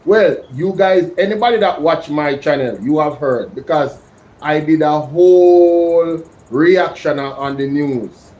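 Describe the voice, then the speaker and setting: A man's voice: a little high, unhurried, lo-fi sound. A man with a Jamaican accent hosting a casual live-stream reaction, chatting to his viewers. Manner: chatty, addresses viewers by name. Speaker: YouTube reaction host.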